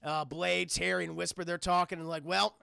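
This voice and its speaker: A man recounting a cartoon episode to his live chat in a casual, animated, profane way. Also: sits high, a little fast, gravelly, smooth, no room sound, clean studio sound. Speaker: streamer and reviewer.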